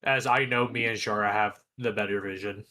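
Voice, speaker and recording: A man playing a tabletop game, chatting in a relaxed, conversational way. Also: on the low side, fairly quick. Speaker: player. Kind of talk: casual tabletop role-play.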